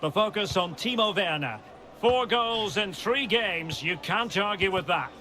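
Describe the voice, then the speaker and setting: A man doing play-by-play football commentary for a video game, with measured calls that build to excited shouts. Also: sits high. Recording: loud crowd and game sound under the voice.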